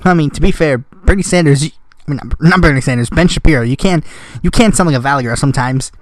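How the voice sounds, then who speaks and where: A man's voice: fairly high pitch, fast, dry recording. A man vlogging in casual commentary, sarcastic and rambling, often correcting himself mid-sentence.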